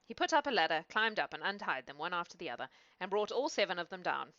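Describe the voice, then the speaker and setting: Woman reading an old fairy tale, lively, dull lo-fi sound. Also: fairly low pitch, fast, no room sound. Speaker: storyteller. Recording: dull, dry lo-fi recording.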